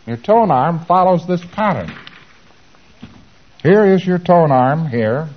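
A man's voice: on the high side, expressive, takes it slowly, dull audio. A man giving an informal lecture, animatedly acting out both sides of the dialogues he describes.

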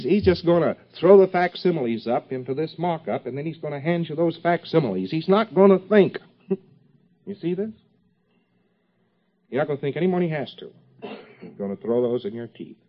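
A man giving an informal lecture to a class, rambling with joking asides and many fillers. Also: a little high. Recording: dull lo-fi old tape recording.

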